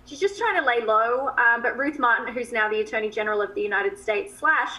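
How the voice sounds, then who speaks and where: A woman talking as an actress guest in a TV interview, chatty and quick to laugh. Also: on the high side, bright, forceful tone, poor audio. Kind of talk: TV interview chat.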